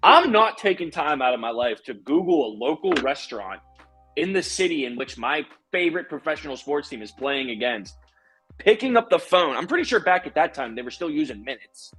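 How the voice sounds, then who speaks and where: Husky 30s dude from pittsburgh, talking sports loose and loud, lots of laughing. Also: male voice, on the high side, brisk, soft background music. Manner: animated, profane, laughs a lot. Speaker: podcast co-host. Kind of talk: casual chat.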